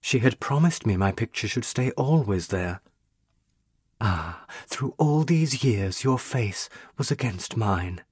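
A man voicing a young female ghost, a burned witch, speaking in a pleading, tender and intense way with a husky voice. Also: fairly low pitch, animated, slow, a little mellow, no room sound, clean studio sound, full character voice.

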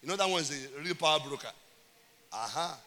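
High, bright-voiced pastor preaching. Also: male voice, expressive, fairly quick. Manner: emphatic preaching with call-and-response. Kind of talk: sermon. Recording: reverberant church hall.

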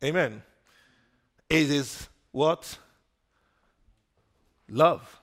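A man preaching a sermon, putting questions to the congregation for them to answer and swinging between loud emphasis and quiet asides. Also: fairly high pitch, extremely slow. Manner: call-and-response questions to the congregation.

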